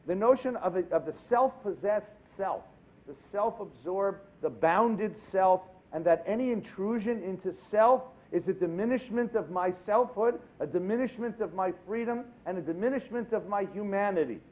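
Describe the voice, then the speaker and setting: A man who is a rabbi giving a sermon during a synagogue service, animated and humorous, often asking the congregation questions. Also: high voice, normal speed, poor audio.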